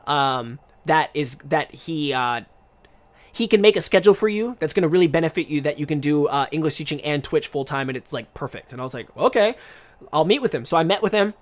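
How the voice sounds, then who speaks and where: Chatty young man, slightly high voice. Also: lively intonation, fairly quick. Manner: rambling, chatty, frequent restarts. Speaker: podcast host. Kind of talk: casual live-stream podcast chat.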